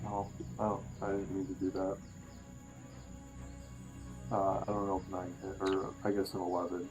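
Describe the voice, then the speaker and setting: A man with a fairly low, flat voice declares his moves in a tabletop game. He speaks quietly and slowly, with hesitant pauses. Music is clearly heard behind him. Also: dull audio. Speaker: player. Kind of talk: casual tabletop play.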